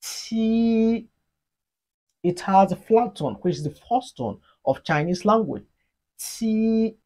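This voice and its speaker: A Mandarin teacher giving an online lesson, explaining slowly and deliberately and leading repeat-after-me drills. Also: medium pitch, big pitch swings, darkish tone, husky. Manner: slow, deliberate explaining, modeling sounds for learners.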